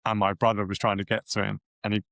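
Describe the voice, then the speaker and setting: A man co-hosting a podcast, telling a story in rambling, animated casual chat with many restarts. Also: lowish voice, fast, vocal fry, no echo. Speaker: podcast co-host.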